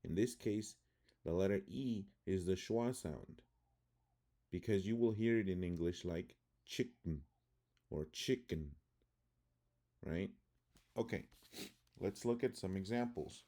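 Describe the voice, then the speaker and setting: A man with a low, dark, mellow voice teaches pronunciation at an unhurried pace. He reads out example words one at a time, each spoken deliberately, then explains the rule in a plain instructional tone. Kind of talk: slow instructional explanation with word lists.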